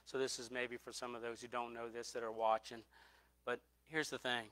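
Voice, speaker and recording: A man's voice: mid-range voice, level tone, normal speed, bright, forceful tone, dry recording. A middle-aged man preaching a sermon, telling a personal testimony earnestly and repeating phrases for emphasis.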